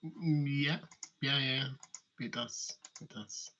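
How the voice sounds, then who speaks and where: A man's voice: medium pitch, slow pace, sharp tone, lo-fi sound. A man co-hosting a casual live gamebook play-through, agreeable and easygoing and often restarting his sentences. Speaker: co-host playing the gamebook.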